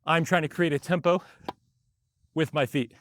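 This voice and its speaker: A man's voice: a little high, fairly even intonation, normal speed, a bit bright. A man teaching tennis while he rallies on a court, a bit out of breath, explaining in short bursts between shots. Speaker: tennis coach.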